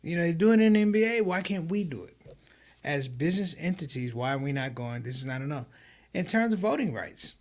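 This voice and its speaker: A man who is a comedian, a guest on a live online show, telling stories in an animated way and quoting others in a raised voice. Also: high voice, brisk. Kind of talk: livestream conversation.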